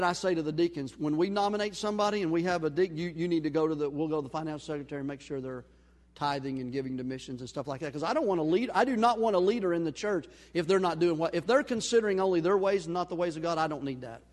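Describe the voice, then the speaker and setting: A male pastor preaching a sermon, telling a story and acting out the dialogue, swinging between loud and quiet. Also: a little high, quick pace. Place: church sanctuary. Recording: long hall reverb.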